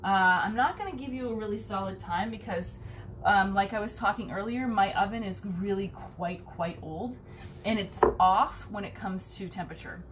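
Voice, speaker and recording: A woman's voice: normal speed, noisy background. A woman, a home baking vlogger, rambles through a casual story and acts out the people in it. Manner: chatty, animated, swears casually, acts out quoted people in a higher voice. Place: home kitchen.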